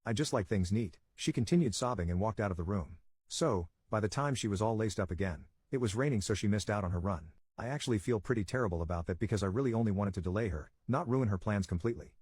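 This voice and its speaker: Male narrator for reddit story reads: husky, slightly low, quick and steady, dry close mic. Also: no room sound.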